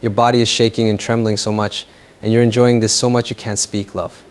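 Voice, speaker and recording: A man's voice: on the low side, level tone, smooth, lightly acted. A man playing a possessive, taunting lover. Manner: slow, taunting, mocking. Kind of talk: audio fan fiction role-play.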